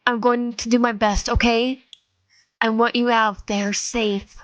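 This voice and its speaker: A woman voicing an earnest man on a video call, speaking slowly and calmly. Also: fairly high pitch, no echo, lightly acted.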